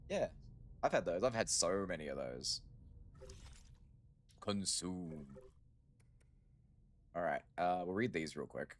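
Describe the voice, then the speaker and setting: Low-voiced man casually streaming a game. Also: lively intonation, slow, long pauses, a little hiss or hum. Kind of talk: casual gameplay commentary.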